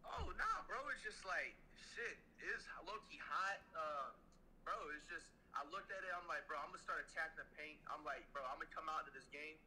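A basketball player man answering quietly in a laid-back, mumbled way. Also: a little high, fairly quick, slight background noise, rough recording. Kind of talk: casual chat.

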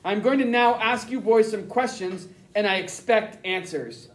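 A stern, cold German-speaking officer in an audiobook, clipped and crisp with quiet menace, as a man reads him. The voice sits high, and the room around it is echoey. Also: measured pace. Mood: menacing. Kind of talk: audiobook character reading.

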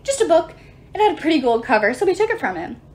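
Small male dwarf thief, squealing, high, animated, woman reader doing the voice. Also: fast talker. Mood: dismissive. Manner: shrill, wailing and squealing.

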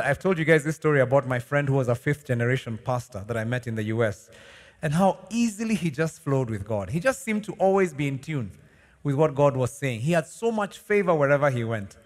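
A man preaching a sermon as pastor, animated, asking the congregation questions and laughing as he teaches. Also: medium pitch, brisk. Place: large church hall. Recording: long church hall reverb.

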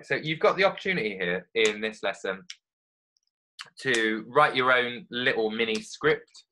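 A man's voice: mid-range voice, lively intonation, measured pace, background noise. A man, a primary school teacher talking children through an online literacy lesson step by step in a friendly, explanatory way.

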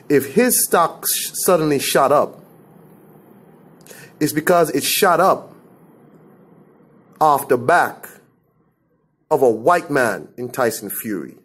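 A man's voice: mid-range voice, breathy edge. A man from the Caribbean giving a blunt, scornful opinion rant to camera. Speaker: commentator.

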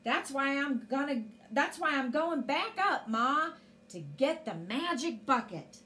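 A woman's voice: high voice, lively intonation, a little slow, sharp tone, slight background noise, heavily acted. A woman voicing a bold, plucky young cowgirl in a storybook, eager and brash.

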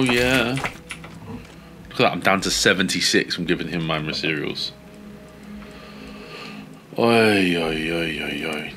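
A man casually commentating his video game play, swearing often and yelling at in-game companions. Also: lowish voice, background noise. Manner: swears a lot, shouts at teammates. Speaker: gaming streamer.

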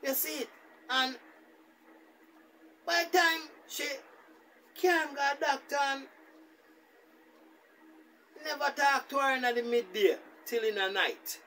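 A man's voice: very high voice, slow pace, long pauses, distant mic. Jamaican man, vlogger, rambling casual story, faint background noise. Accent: Jamaican Patois. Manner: rambling, repetitive, animated retelling.

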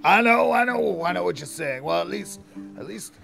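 Man, streamer, gameplay commentary, rambling, stammering, jokey, gravelly, high voice. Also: animated, moderate pace, a bit bright, faint music behind. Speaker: streamer playing a game.

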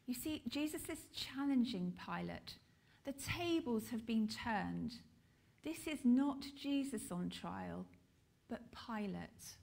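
A woman with a British accent preaching a sermon, slow and deliberate with emphatic pauses. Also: a little high, lively intonation, vocal fry, darkish tone.

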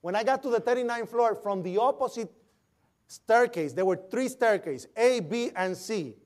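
A man's voice: sits high, lively intonation, normal speed. A man giving an eyewitness account as vivid storytelling, imitating the sounds and voices he heard. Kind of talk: recounting a personal account.

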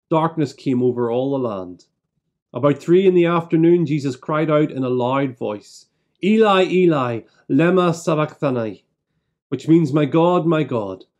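A male minister with a somewhat higher voice leads a broadcast church service. He prays and reads scripture in a measured, solemn way, pausing deliberately between phrases. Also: a little mellow, highs cut off. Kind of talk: leading prayers and reading scripture aloud.

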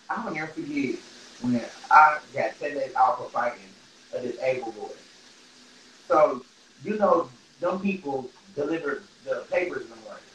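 A man's voice: a little high, a bit bright, slight background noise, rough recording. A man chatting casually on a livestream, laughing often and reading viewer comments aloud in a loose, rambling, profane way.

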